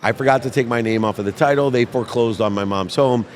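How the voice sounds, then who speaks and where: Man guest, mid-pitched, animated storyteller, faint street noise behind. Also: fast talker. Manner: animated, acts out voices in his stories. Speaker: podcast guest. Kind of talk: emotional storytelling.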